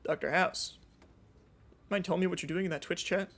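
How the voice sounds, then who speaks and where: A man's voice: high-pitched, fairly even intonation, fairly quick, vocal fry, fairly bright tone. A young man streaming a co-op game, bantering and joking with friends and chat. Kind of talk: casual gaming stream chat.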